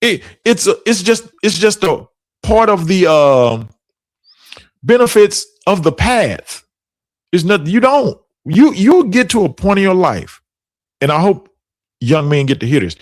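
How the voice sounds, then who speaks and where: A man's voice: high voice, sing-song, a little slow, no room sound. A middle-aged man hosting a podcast, telling stories in a casual chat and laughing often. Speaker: podcast host.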